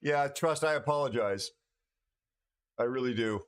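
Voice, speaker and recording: A tired older American man hosting a casual livestream chat, rambling and halting with many restarts and fillers. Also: mid-range voice. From United States. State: tired from no sleep. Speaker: livestream host.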